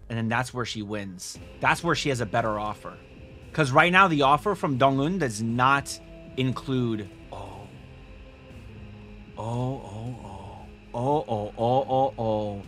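A young man hosting a reaction video, thinking out loud in excitable, profane casual commentary. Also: medium pitch.

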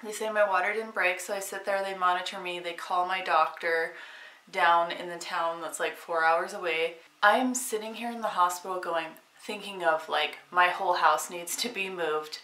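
A woman tells her story to the camera in a loose, chatty way, full of fillers and laughing often. Her voice is bright, and the room around her is echoey. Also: on the low side, fairly even intonation, normal speed, far from the mic. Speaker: vlogger.

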